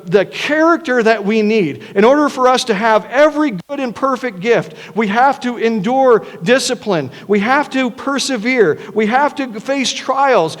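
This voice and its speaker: Preaching in a church sanctuary, this pastor has a very high-pitched voice that rings with a long reverb tail. He often restarts his sentences while speaking in an earnest, conversational way.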